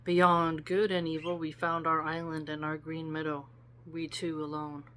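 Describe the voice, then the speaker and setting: Life appears as a teasing woman, read aloud by the narrator in an even, middling voice. The reading stays gentle and plain. A faint hum sits under it. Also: medium pitch, a little slow, lightly acted. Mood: coaxing.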